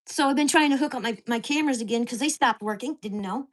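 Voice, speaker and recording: Profane, exasperated woman ranting. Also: a little high. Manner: profane, fast-shifting storytelling; exasperated and indignant. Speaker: vlogger. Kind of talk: angry rant to camera.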